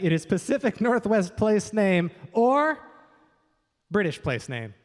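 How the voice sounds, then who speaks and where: A man from Washington state hosting a live stage quiz, upbeat and chatty with joking asides, on a stage microphone. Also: on the high side. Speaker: quiz host. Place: large event hall. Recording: reverberant hall sound.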